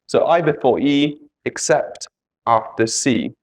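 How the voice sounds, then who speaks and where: A man teaches English spelling rules at an unhurried pace, with a voice of middling pitch. He is patient and repeats each letter and example word so learners can follow. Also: lively intonation. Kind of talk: slow spelling lesson.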